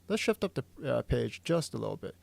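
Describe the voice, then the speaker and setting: A man with a deeply gravelly, creaky voice walks through his drawing on a livestream, thinking aloud and tripping over restarts. He sounds hoarse, as if his voice is wearing thin, and the sound is close and dry with no room around it. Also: sing-song, fairly quick, darkish tone, no echo. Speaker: manga artist.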